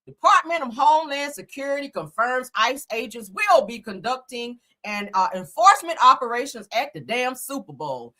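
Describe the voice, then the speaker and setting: A woman's voice: sits high, lively intonation, moderate pace, hardly any pauses, bright, forceful tone. A woman hosting a livestream, giving casual, slangy commentary and laughing often. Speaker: livestream host.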